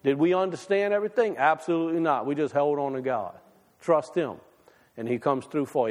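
A man preaching a sermon to his congregation, folksy and conversational, swinging between loud and quiet. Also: fairly high pitch, a little fast, in a large hall. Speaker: pastor. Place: church sanctuary.

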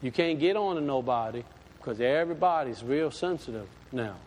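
Folksy preacher in an echoey hall. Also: male voice, mid-range voice, animated, normal speed. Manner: folksy storytelling with sudden emphatic swells. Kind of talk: sermon.

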